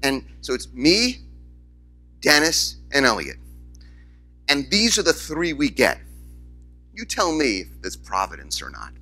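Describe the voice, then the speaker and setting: A rabbi delivers a conference keynote before an audience in a hall, his mid-range male voice unhurried and full of frequent pauses, with faint music in the background. He tells stories in an animated way, acting out the voices of the people in them.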